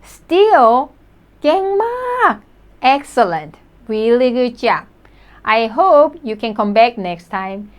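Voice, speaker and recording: A woman teaching a language lesson, patient and encouraging, repeating each word slowly for learners to practice. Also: on the high side, animated, clean tone.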